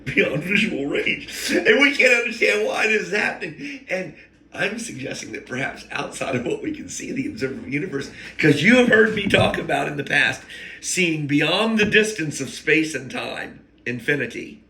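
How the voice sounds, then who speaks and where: A man's voice: a little high, expressive, moderate pace, bright, forceful tone. A man hosting a rambling, emotional spiritual monologue, often wandering off topic and catching himself. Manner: digressive, emotional, self-interrupting. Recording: echoey room.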